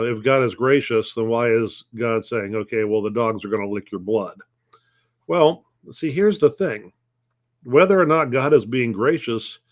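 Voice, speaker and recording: A middle-aged man pastor teaching a conversational Bible lesson, posing questions and answering them, often restarting phrases. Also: mid-range voice. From United States.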